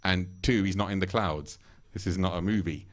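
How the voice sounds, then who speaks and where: Speaking at a normal pace in a voice that sits low, a temple speaker retells scripture stories in a temple hall. His sermon stays conversational, with frequent laughter and quoted voices performed aloud.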